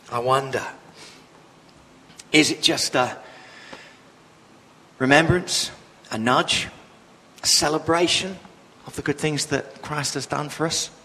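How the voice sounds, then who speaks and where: A man preaching a sermon, passionate and emphatic, his voice swelling and dropping as he drives his points home. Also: a bit bright. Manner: passionate, emphatic, with sudden swells in pitch and volume. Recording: long reverb of a large hall.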